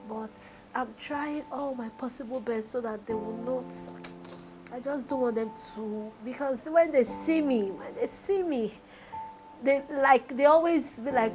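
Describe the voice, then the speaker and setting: Nigerian woman in her forties, emotional confessional, soft music bed below her voice. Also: on the high side, a little slow, poor audio. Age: 40s. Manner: tearful, pouring out hardship, repeating phrases. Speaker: reality show contestant.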